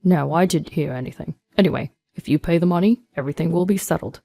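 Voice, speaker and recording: A stern male police officer, as a woman reads him, clipped and official. The tone is low and mellow, recorded dry. Soft music runs under the lines. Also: fast talker, vocal fry.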